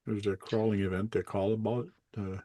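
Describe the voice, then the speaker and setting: A man hosting a casual livestream chat, relaxed and rambling, often correcting himself as he goes. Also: fairly low pitch, normal speed, a crowd in the background. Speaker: host.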